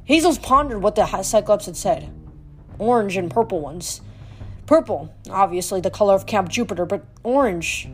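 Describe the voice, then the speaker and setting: A woman reading a fantasy novel aloud, narrating with steady, lightly dramatic delivery. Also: mid-range voice, a little fast, hardly any pauses, soft background music. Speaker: audiobook reader. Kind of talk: storybook reading.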